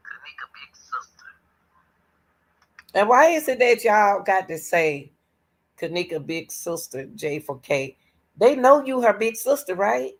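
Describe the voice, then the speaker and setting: A woman hosting a reaction commentary vlog who talks straight to her viewers, repeats herself when worked up and drops from emphatic bursts to low muttering. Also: poor audio. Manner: animated and exasperated, addresses viewers as y'all, restarts and repeats herself. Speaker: reaction channel host.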